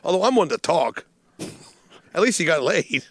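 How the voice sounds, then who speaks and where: A man's voice: fairly high pitch, sing-song, normal speed, a bit bright, no echo, clean studio sound. A man with a Baltimore accent, a comedian guest rambling through crude stories on a podcast. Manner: rambling storyteller, crude jokes. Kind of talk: casual comedic podcast banter.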